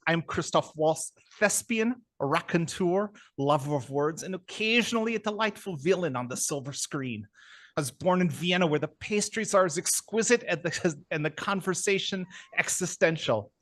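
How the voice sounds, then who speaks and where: Man putting on a silky gentleman, florid, theatrical, unhurried, slightly high voice. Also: expressive. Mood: suave. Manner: florid, precise, savoring each word. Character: suave Austrian actor persona, man, urbane and theatrical. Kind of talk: improv comedy impression.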